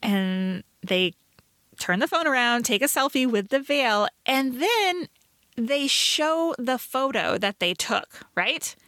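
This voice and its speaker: Woman, podcast co-host, casual chat, bright sharp tone, slightly high voice, dry close mic. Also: lively intonation, slow pace, no echo. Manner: chatty, laughs often, says "like" a lot. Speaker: podcast co-host reviewing a TV movie.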